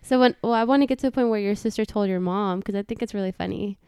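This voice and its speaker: Young woman interviewer, relaxed and prompting, smooth resonant voice, dry close sound. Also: medium pitch, fast talker, no room sound. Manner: friendly, prompting questions with brief backchannels. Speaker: podcast host. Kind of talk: casual interview chat.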